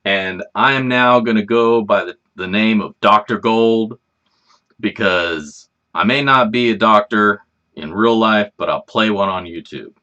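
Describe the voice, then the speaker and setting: A man's voice: fairly low pitch, measured pace, bright, forceful tone, muffled recording. A man hosting a casual livestream, chatting in a rambling, laid-back way and swearing freely. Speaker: livestream host.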